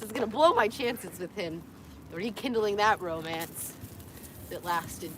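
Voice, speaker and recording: A woman's voice: mid-range voice, normal speed, background noise. A tired young woman rambling through a livestream from her parked car, joking crudely, laughing often and cooing at her dogs. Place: parked car in a parking lot.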